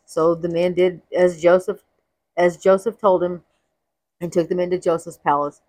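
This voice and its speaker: A woman's voice: on the low side, little pitch movement, normal speed, darkish tone, no room sound. A woman narrating a Bible story aloud, reading expressively and acting out the quoted lines. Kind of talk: read-aloud scripture storytelling.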